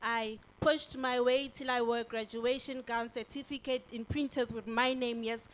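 A woman's voice: fairly high pitch, fairly even intonation, normal speed, poor audio. A woman performing spoken-word poetry at a live event, delivering her lines in a rhythmic, declamatory way. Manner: rhythmic, declamatory, building emphasis. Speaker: performance poet. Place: live venue with audience.

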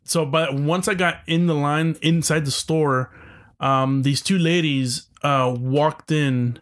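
A man's voice: on the high side, steady tone, slow pace, fairly bright tone. A young man casually telling a rambling story to friends, with many fillers and restarts. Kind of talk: casual chat.

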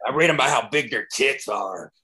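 A man's voice: medium pitch, lively intonation, normal speed, bright, forceful tone, slightly rough. Man in crude casual podcast banter. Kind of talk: casual chat.

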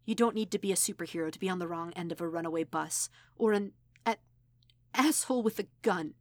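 A woman voicing a protective middle-aged aunt, sharp and scolding at times, tender at others, in an audiobook reading. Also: on the low side, fairly quick, no room sound, clean studio sound, natural voice.

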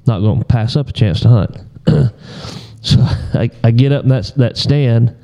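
A man on a podcast telling a hunting story in a relaxed, rambling way, often clearing his throat. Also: mid-range voice, a little slow, dull audio. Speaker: podcast co-host.

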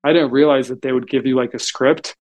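A man's voice: mid-range voice, fairly even intonation, fairly quick, a little mellow. A man as a podcast guest, telling stories in a casual, chatty way and filling gaps with "like". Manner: chatty storytelling, frequent "like" fillers. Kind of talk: casual interview talk.

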